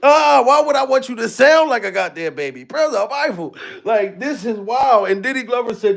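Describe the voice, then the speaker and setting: High-voiced man ranting with profane humor. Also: expressive, moderate pace, vocal fry, few pauses. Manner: loud, profane, repeats a catchphrase. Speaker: commentary vlogger. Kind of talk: comedic reaction commentary.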